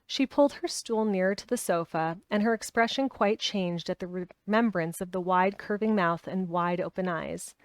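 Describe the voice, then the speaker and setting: A woman's voice: fairly low pitch, moderate pace, few pauses, no echo. Woman narrator reading a classic aloud, dry close sound. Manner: steady storybook narration with small restarts. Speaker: reader.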